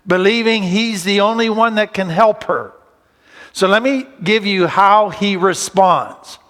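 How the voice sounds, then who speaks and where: High-voiced man lecturing in an echoing hall. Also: fairly bright tone. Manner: earnest, conversational, slows down to stress key words. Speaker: counsellor giving a recovery talk. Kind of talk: teaching talk retelling a Bible story. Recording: long hall reverb.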